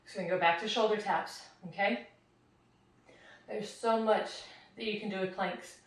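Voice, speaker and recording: A winded woman leads a workout, counting each rep and urging the listener on at an unhurried pace. She is heard from across a very echoey room. Her voice sits at an ordinary pitch. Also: steady tone. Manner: counts reps aloud, encouraging. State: out of breath. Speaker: fitness instructor. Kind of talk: home workout coaching. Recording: very echoey room, mic far off.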